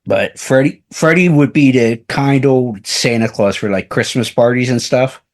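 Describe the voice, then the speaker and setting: A man's voice: medium pitch, moderate pace. A man hosting a radio interview, chatting casually and rambling through his questions. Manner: rambling, full of fillers and restarts. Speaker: radio show host.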